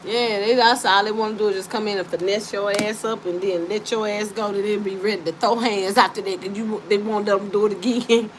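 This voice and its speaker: A woman doing a casual live-stream card reading, talking to her viewers in an animated, teasing and profane way and breaking into frequent laughter. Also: medium pitch, fairly quick, hardly any pauses. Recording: steady background noise.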